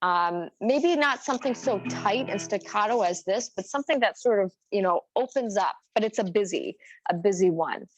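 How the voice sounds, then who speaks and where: A woman's voice: mid-range voice, expressive, normal speed, dry recording. A woman giving a casual guitar lesson who thinks aloud, with plenty of fillers as she explains. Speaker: guitar teacher. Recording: slightly dull recording with guitar. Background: her own guitar playing.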